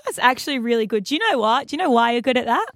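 A woman's voice: a little high, expressive, very fast, dry recording, clean studio sound. A woman co-hosting a radio show, teasing and giggly in playful banter. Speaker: radio co-host.

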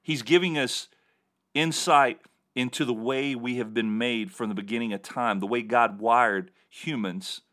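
Earnest guy preaching on a bible passage, mid pitch, leans hard on his words. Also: unhurried, a bit bright. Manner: earnest, emphatic with repeated words. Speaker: host and Bible teacher. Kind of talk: sermon-style Bible teaching.

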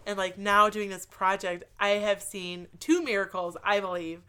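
A woman in her thirties tells a personal story in a casual, earnest way, saying "like" often. Her voice sits in a middle pitch. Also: normal speed, clean tone. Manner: earnest, animated storytelling with frequent "like". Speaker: guest telling her story. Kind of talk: casual chat.

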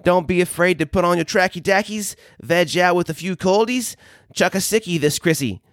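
A man's voice: high voice, normal speed, no echo, studio quality, voice pushed up, close to an everyday voice. A man putting on an exaggerated Australian accent as a cheery bloke wishing his mates a good holiday. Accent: put-on Australian.

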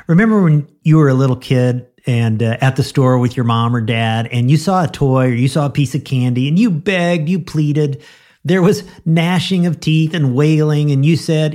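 A pastor in his podcast gives an earnest daily devotional in a man's voice of middle pitch. He builds his points through emphatic repetition and rhetorical questions. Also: a little mellow. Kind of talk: devotional sermon.

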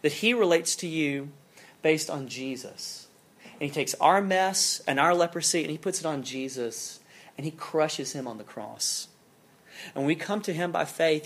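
A campus minister preaching a sermon in a conversational, animated storytelling way, with casual fillers. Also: mid-range voice, a little slow.

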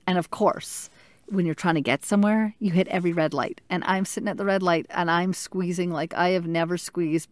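A woman's voice: on the low side, dry recording. A woman casually telling a personal story in a candid, chatty way, with self-deprecating humor. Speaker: vlogger sharing her chemotherapy journey.

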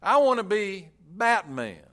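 A lonely little boy in a sermon story, earnest and pleading with his busy father, as a preacher acts him out. The voice sits high and the delivery is slow and unhurried. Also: very animated, fairly bright tone, heavily acted. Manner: earnest, pleading, raised pitch.

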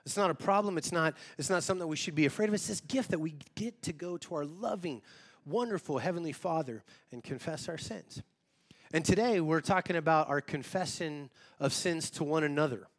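A man with a fairly high voice preaches to his church. His manner is relaxed, plain-spoken and self-deprecating, as if chatting with friends from the pulpit. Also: a little fast. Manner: informal, self-deprecating, talks straight to the congregation. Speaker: pastor. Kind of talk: conversational sermon.

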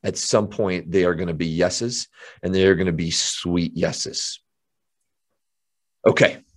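A man coaching real estate agents in an energetic motivational talk, emphatic and often repeating himself. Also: low-pitched, a little slow.

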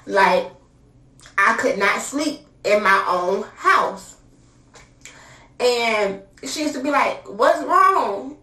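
Slow-talking young woman, roomy and distant. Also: mid-range voice, bright, forceful tone. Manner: chatty and candid, with many "like" fillers. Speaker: storyteller. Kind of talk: casual personal storytelling.

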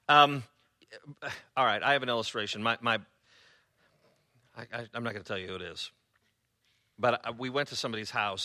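A man preaching a sermon as pastor, conversational and sarcastic, often pausing on fillers. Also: medium pitch, sharp tone.

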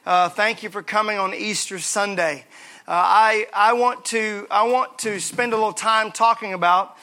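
High, bright-voiced pastor preaching. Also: male voice, normal speed. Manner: lively preaching with call-and-response and humor. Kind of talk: sermon. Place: church sanctuary.

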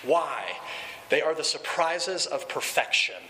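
Bright, high-voiced male preacher. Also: animated, a little hiss or hum, poor audio. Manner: emphatic, slows down and drops pitch for key points. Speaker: pastor. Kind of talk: sermon.

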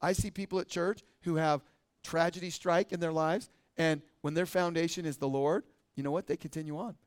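A man's voice: on the high side, fairly even intonation, brisk, clean tone, dry recording, studio quality. A middle-aged man with an American accent preaching a sermon as pastor, talking in a conversational way and often checking with "right?".

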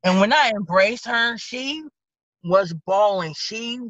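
Lively Southern woman deputy telling a story. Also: medium pitch, takes it slowly, no room sound. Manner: animated, acts out both sides of conversations. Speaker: county deputy sheriff. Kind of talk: casual interview storytelling. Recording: dull lo-fi podcast audio.

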